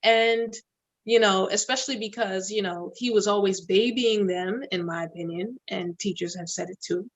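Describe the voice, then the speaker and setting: A woman's voice: medium pitch, fairly even intonation, moderate pace. A woman co-hosting a podcast, talking frankly and reflectively about her own parenting. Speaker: podcast co-host. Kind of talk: casual chat.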